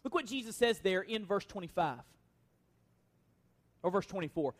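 A man's voice: sits high, lively intonation, moderate pace. A man pastor delivering an expository sermon, earnest and emphatic, posing rhetorical questions to the congregation.

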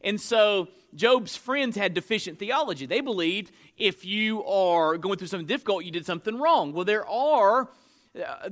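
Man, pastor, sermon, high voice, bright tone, rhetorical questions, fillers.

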